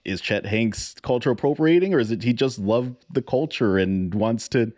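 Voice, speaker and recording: A man's voice: medium pitch, normal speed, darkish tone, dry recording, studio quality. A man co-hosting a podcast in casual chat, laughing often, swearing and stumbling over repeated words. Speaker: podcast co-host.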